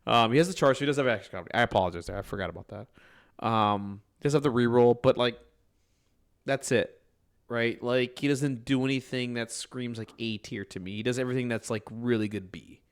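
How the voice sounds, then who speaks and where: A man's voice: mid-range voice, a little fast, clean tone. Man, podcast co-host, casual chat, hesitant, lots of ums.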